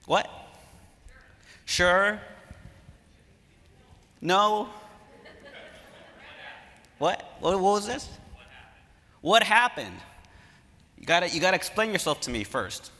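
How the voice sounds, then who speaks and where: A man speaking as an academic at a conference, telling stories in an animated way and engaging the audience from a lecture hall stage. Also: high voice, slow, pauses often. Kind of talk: conference talk. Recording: reverberant hall.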